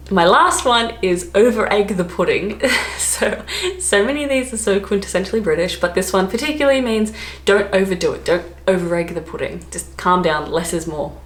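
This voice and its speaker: A woman's voice: mid-range voice, normal speed. A young Australian woman vlogging from home, chatty and playful as she explains words one by one. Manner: chatty and playful, laughing between points. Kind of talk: casual explainer vlog. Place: home during lockdown. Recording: echoey room, faint background hiss.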